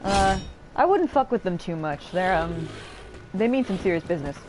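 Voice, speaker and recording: A woman's voice: lowish voice, lively intonation, moderate pace, background noise. A young woman casually commenting as she streams a video game, chatty and laughing, reading chat aloud and swearing.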